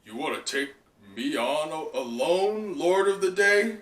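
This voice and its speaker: A man's voice: fairly high pitch, lively intonation, unhurried, a bit bright, distant mic. Man voicing a menacing mammoth pirate, dismissive, echoey room, off-mic.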